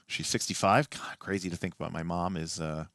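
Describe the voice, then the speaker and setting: A man hosting a late-night livestream and explaining tabletop game rules as a game master, animated and often restarting his sentences. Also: low-pitched, brisk, no echo, studio quality.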